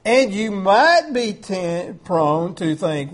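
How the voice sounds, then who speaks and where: Man, preacher, high voice, conversational sermon, emphatic, fillers. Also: very animated, slow pace, hardly any pauses.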